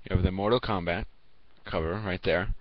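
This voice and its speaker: Teen guy rambling at the camera, lots of uh and um, lowish voice, dull lo-fi sound. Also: fairly even intonation, no echo. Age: teens. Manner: rambling, halting, many fillers and restarts. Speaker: video reviewer. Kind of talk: casual vlog talk to camera. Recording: dull lo-fi home recording.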